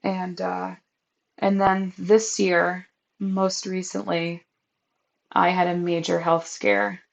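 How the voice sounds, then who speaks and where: A woman's voice: on the low side, little pitch movement, takes it slowly, creaky. A young adult woman hosting a candid, emotional catch-up podcast, talking over a crackly built-in mic. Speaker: podcast host. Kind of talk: personal catch-up podcast monologue.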